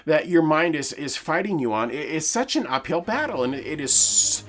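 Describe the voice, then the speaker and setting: A man's voice: on the high side, big pitch swings, normal speed, fairly bright tone, soft background music. A man in his forties hosting a podcast, talking earnestly and emphatically in a personal monologue, with frequent restarts. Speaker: podcast host.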